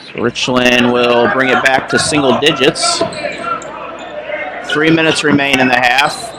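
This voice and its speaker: A young man giving casual, chatty play-by-play for a high school basketball game, now and then correcting himself. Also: little pitch movement, a little slow, a loud crowd. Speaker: play-by-play announcer. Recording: noisy gym recording.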